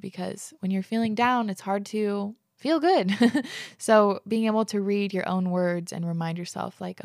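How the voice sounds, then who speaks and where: Gravelly-voiced woman podcast host, gushing. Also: on the low side, no echo, studio quality. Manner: gushing, emotional, says "like" a lot. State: tearful. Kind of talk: casual podcast chat reading listener letters.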